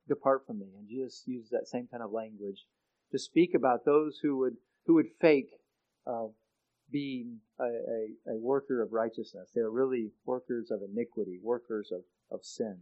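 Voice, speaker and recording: A man preaching a sermon in an earnest way, often restarting his sentences and growing loud when he quotes scripture. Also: medium pitch, moderate pace, highs cut off. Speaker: pastor.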